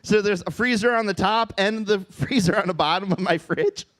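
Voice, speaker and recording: Stand-up, man in his 30s, high voice, deadpan and halting, from the Midwest, on a club stage mic. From Midwest United States. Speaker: stand-up comedian. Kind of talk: stand-up set.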